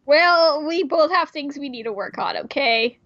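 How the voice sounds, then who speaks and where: A woman's voice: high-pitched, unhurried, fairly bright tone, dull audio. A woman reading a visual novel aloud in a casual way, breaking off for irreverent, swearing asides. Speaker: player reading a game aloud.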